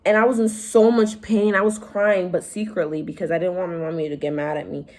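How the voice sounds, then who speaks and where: A young woman vlogger telling stories in casual chat, animated, acting out quotes in a higher voice. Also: a little fast. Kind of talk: casual storytime vlog.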